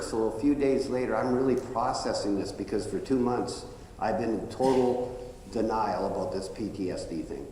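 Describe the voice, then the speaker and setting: Man, animated storyteller at a live event, recorded in a big echoey hall. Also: moderate pace. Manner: animated storyteller, voice jumps high when excited. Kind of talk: personal storytelling talk. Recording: echoey hall with faint noise.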